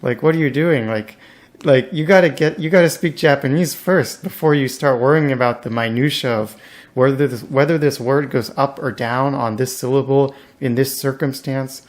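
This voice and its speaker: A man's voice: medium pitch, moderate pace. A man, a guest in a casual interview, talking in a laid-back, slangy way with lots of "like".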